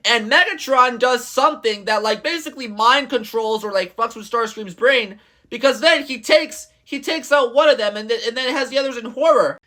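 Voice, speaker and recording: A man vlogging a casual, rambling comic book recap in excitable slang. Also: very high voice, moderate pace.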